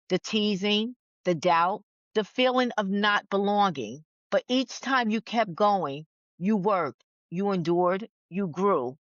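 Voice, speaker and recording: A speaker and author appears as a podcast guest, earnestly and affirmingly reading a letter to her younger self before chatting candidly. Her medium-pitched voice is a bit bright. The recording is dry, with dull lo-fi audio.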